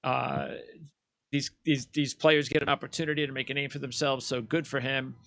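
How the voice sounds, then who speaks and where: A man's voice: medium pitch, level tone, normal speed, creaky, pushed and bright, dry recording. A man co-hosting a sports talk show, arguing his roster picks in an emphatic, opinionated way with frequent restarts. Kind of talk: casual sports debate.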